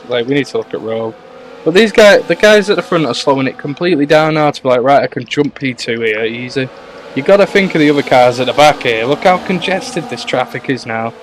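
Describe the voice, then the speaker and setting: Casting: male race caller, chatty and excitable, mid pitch, faint noise under a live stream. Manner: excitable, chatty, talks to viewers and co-host. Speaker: league owner and race commentator. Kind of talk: live sim racing commentary.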